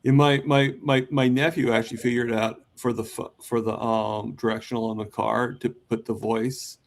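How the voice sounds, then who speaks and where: A man's voice: mid-range voice, little pitch movement, normal speed, vocal fry. A young man chatting casually on a live stream panel, often stumbling and repeating his words. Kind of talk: casual chat.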